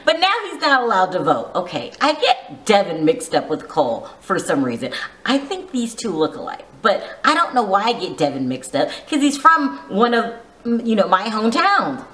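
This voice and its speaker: A woman's voice: medium pitch, big pitch swings, moderate pace, a bit bright, echoey room. A woman giving a casual, gossipy recap of a reality show, teasing and full of asides. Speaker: vlogger reviewing a reality show.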